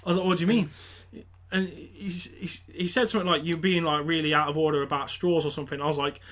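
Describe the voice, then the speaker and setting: A young man, telling an animated story on a casual podcast and acting out the voices. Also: fairly high pitch, quick pace. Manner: animated, acts out quotes, swears, laughs. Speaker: podcast co-host.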